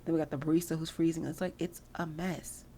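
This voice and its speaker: A young woman chats through her gameplay in a relaxed, slangy way, swearing freely. She talks quickly in a low-pitched voice with a gravelly edge. A faint hiss sits behind her. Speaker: gameplay video host. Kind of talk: casual gameplay commentary.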